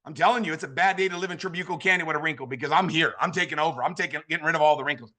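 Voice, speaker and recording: A man's voice: on the high side, racing, bright, forceful tone. A man giving a hype motivational pep talk to a sales team, fired-up and punchy, repeating rallying phrases.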